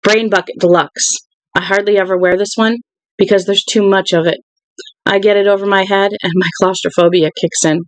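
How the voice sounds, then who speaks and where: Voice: medium pitch, flat delivery, a little fast, no room sound, natural voice, rough recording. A wry, joking middle-aged man from a storybook, as the reader puts him on. Dry, close sound with no room around it.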